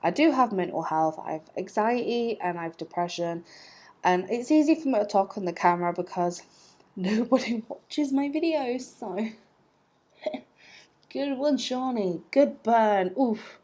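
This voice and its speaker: A woman's voice: mid-range voice, animated, normal speed, darkish tone. A young woman telling a personal story to camera in a chatty, rambling way, laughing at herself. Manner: chatty and rambling, with fillers and self-mocking laughs. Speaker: vlogger.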